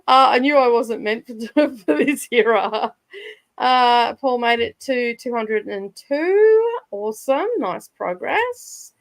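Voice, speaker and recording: A woman's voice: on the high side, expressive, slow, no room sound. An Australian woman hosting a casual reading livestream from home, chatty, laughing often and swearing lightly. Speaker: livestream host of reading sprints. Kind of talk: casual chat. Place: home room by a side street.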